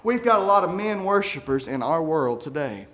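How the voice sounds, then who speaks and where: A man preaching a sermon, reading scripture aloud and swinging from quiet musing to shouted peaks. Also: fairly high pitch, expressive, moderate pace. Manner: reads scripture aloud in King James wording.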